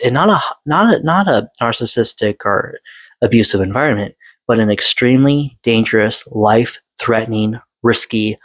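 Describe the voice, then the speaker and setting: A man in his forties speaks straight into a close mic, earnest and halting, stopping and restarting often. The sound is dry and close, with no room behind him. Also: fairly low pitch, dry recording, rough recording. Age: 40s. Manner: halting, with many fillers and restarts. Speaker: vlogger sharing personal story. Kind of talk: earnest personal monologue.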